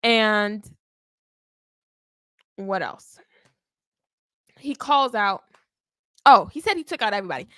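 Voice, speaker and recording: A woman hosting a wrestling podcast, recapping a live show in an animated, emphatic way and often checking in with "okay?". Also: mid-range voice, takes it slowly, long pauses, no echo. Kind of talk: live watch-along recap.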